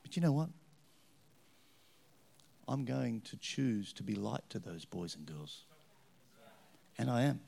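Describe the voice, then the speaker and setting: A middle-aged man with an Australian accent preaching a story-filled sermon, swinging between loud punches and hushed asides. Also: mid-range voice, very animated, slow pace, vocal fry, long pauses, slightly rough. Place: church with live band. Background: faint music from a band.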